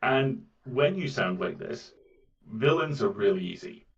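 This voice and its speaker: A man with a British accent and a soft, mellifluous voice chats casually as an interview guest, often repeating words as he goes. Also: mid-range voice, lively intonation, measured pace. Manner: rambling, with frequent repeats of words. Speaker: voice actor guest. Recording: muffled, distant mic.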